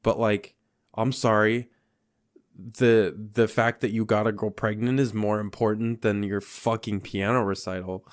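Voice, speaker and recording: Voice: mid-range voice, a little slow. A podcast co-host casually recapping a horror film, swearing often and acting out the characters' lines. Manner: lively, profane, acts out characters' lines. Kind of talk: casual movie recap chat.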